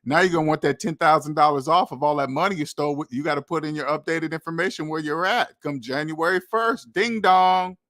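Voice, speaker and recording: A young finance channel host, his voice a bit higher than most men's, lectures his audience bluntly about money, scolding and preaching and returning to the same points. He talks quickly with few pauses, and his delivery sounds pushed and bright.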